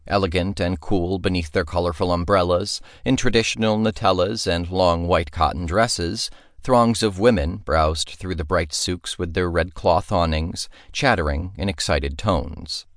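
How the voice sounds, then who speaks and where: A man narrating a fantasy audiobook in a measured storytelling manner, recorded in a studio. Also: deep voice, dry recording.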